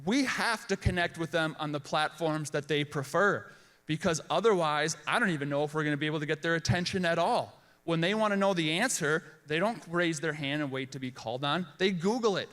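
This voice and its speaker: A man gives a motivational keynote as a guest speaker, his lines short and punchy. His voice sits high and sounds bright. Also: brisk.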